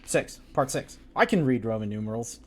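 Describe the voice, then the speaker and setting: A man reading a gothic story aloud on a live stream, breaking off for animated, joking asides. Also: medium pitch, moderate pace, breathy edge.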